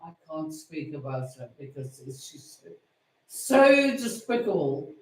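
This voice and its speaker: A man putting on the voice of a meek, agreeable female sidekick who gives short, quiet replies. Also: a little high, big pitch swings, takes it slowly, reverberant, voice pushed down. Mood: meekly agreeing.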